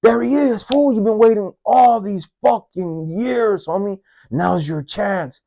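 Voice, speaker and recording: A man voicing a sneering little devil on his shoulder, taunting him in a high voice. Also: unhurried, vocal fry, mellow. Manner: high-pitched, taunting, egging on.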